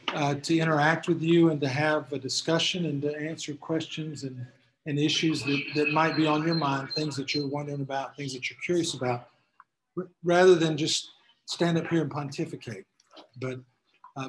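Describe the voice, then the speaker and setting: A man lectures a class in a room full of people, talking conversationally and often restarting his phrases. His voice sits somewhat high for a man. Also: slight background noise, rough recording. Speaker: attorney giving a class talk.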